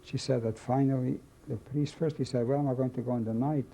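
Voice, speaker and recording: An older man from Czechoslovakia, telling his life story in an oral history testimony, halting and slow, repeating phrases as he remembers. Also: medium pitch, steady tone, dark tone. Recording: dull lo-fi recording, faint hiss.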